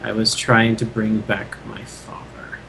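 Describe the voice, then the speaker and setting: A man voicing a proud, scornful male dragon in a tabletop game, speaking in a low, slow, contemptuous way. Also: level tone, creaky, a bit bright, slight background noise, low-quality recording. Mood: bitter.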